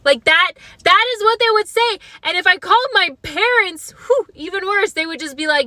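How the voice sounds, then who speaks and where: Young woman doing a comedy monologue, high bright voice, dry close sound, self-mocking. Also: lively intonation, normal speed, few pauses, no room sound. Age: young adult. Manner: wry, self-deprecating, slips into mocking voices.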